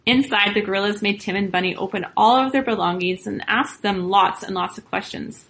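A woman reading a children's story aloud as storyteller, expressive and lively. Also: medium pitch, fairly quick, gravelly, low-quality recording.

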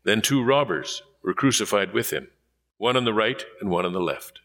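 A man reading scripture aloud in a measured, solemn manner. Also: fairly low pitch, animated, a bit bright. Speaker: scripture reader.

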